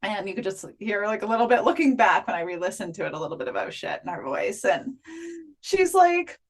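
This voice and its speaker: A woman's voice: medium pitch, a little fast. A woman guest in a casual interview, telling a story with laughter and acting out the dialogue. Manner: animated, laughing, acts out quoted dialogue. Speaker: podcast guest, afterlife researcher.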